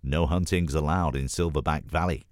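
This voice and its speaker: A protective leopard from a children's story, who speaks slowly and with deliberate authority. His voice is very deep and recorded close and dry, as a man reads him. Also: fairly even intonation, dry recording. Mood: stern. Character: calm, protective male leopard guardian.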